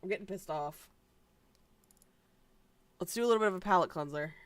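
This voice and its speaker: A woman's voice: on the low side, a little fast, clear, resonant tone, dry recording. A woman streamer giving casual reaction commentary, exasperated and profane, sighing often.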